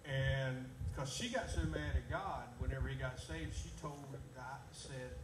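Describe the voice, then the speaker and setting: A man's voice: medium pitch, unhurried. A middle-aged man preaching a sermon, telling a story with emphatic, repeated phrases. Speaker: pastor. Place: church sanctuary. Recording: echoey room, far from mic, loud background noise.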